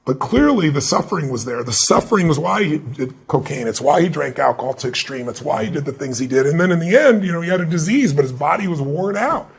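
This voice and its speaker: A middle-aged man with a gravelly, husky voice that sits a little high for a man. He answers as an interview guest, telling stories with animated energy and acting out the people he quotes. He talks like a motivational speaker. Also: fast, hardly any pauses.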